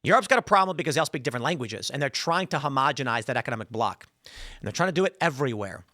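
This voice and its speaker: A man's voice: medium pitch, lively intonation, racing, pushed and bright, no echo, studio quality. A man from Chicago hosting a solo political commentary and arguing his opinions, often restarting his sentences. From Chicago, United States. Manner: opinionated and argumentative, with frequent restarts.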